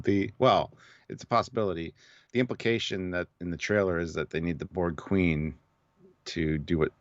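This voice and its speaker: Deep-voiced man, casual live-stream co-host. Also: no room sound, highs cut off. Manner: relaxed, reads out viewer comments and donations. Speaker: co-host of a live discussion show.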